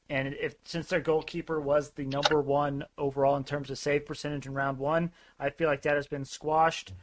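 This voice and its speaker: A man's voice: a little high, noisy background. A man co-hosting a podcast in a laid-back, hesitant way, chatting casually about hockey and betting. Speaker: podcast co-host. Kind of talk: casual sports betting chat.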